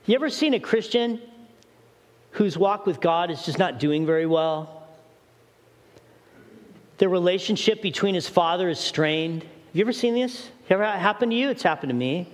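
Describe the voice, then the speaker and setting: Male pastor, high tenor, emphatic sermon delivery, echoing sanctuary. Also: lively intonation, normal speed, pauses often. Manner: preaching with acted prayers and rising emphasis. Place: church sanctuary.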